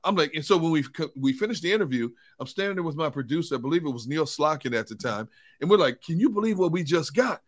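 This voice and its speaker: A man co-hosting a sports talk show, telling a story in a casual, animated way. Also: a little high, fast. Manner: animated storyteller, laughs as he tells stories. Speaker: co-host, sports reporter.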